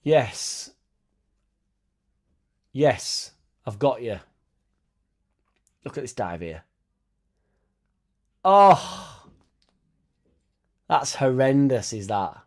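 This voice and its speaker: A man's voice: medium pitch, expressive, takes it slowly, pauses often, darkish tone. Swearing Yorkshire man on a livestream. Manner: blunt, swearing, chatty banter. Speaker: livestream host. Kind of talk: casual watchalong chat.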